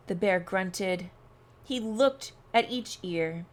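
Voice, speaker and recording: A woman narrating a rhyming storybook aloud in an expressive, sing-song manner. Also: mid-range voice, takes it slowly.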